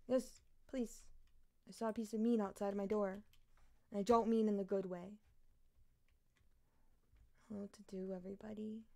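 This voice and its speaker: Giggly, slow-talking British woman streamer. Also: mid-range voice. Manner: giggly, sweary, rambling. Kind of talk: live gameplay commentary. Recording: loud background music. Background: game music.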